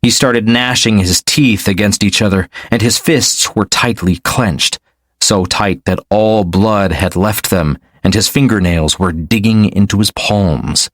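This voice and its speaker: A male audiobook narrator with a fairly low voice reads in a steady, measured way. The recording is dry and close, with no room sound. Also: no room sound. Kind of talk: scripted narration.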